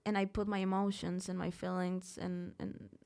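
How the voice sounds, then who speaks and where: A woman's voice: fairly low pitch, flat delivery, moderate pace, creaky, a little mellow, clean tone. A young woman from Mexico, a singer, speaking openly and emphatically in a live interview, often restarting her words. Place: live event in a studio.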